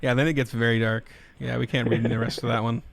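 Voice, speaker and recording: An easygoing man talks casually as a podcast host at a mid-range pitch. He chuckles often as the conversation goes. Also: little pitch movement, fast, creaky, slight background noise.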